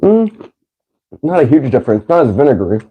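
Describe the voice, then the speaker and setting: Laughing lively-voiced man hosting a podcast. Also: mid-range voice, a little fast, slightly rough, narrow, tinny audio. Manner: laughing, excitable, swears casually. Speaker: podcast host. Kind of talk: casual chat, food challenge.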